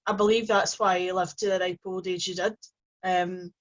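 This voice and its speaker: A woman hosting her own channel, telling a personal story in a gentle, rambling way with many restarts. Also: fairly low pitch, level tone, normal speed. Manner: gentle, rambling, with frequent restarts and soft fillers. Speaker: host. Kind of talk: casual personal storytelling to camera. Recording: dull lo-fi recording.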